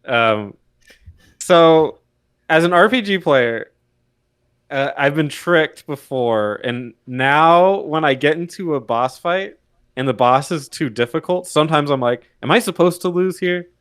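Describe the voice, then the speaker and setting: A man's voice: on the high side, lively intonation, slow pace, a bit bright, smooth. A man co-hosting a casual podcast, rambling and thinking aloud. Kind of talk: casual chat.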